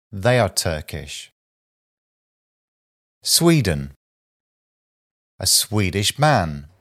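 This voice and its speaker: Slow, deep-voiced man reading vocabulary. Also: a bit bright. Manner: slow, deliberate enunciation of single words and short sentences. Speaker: language teacher.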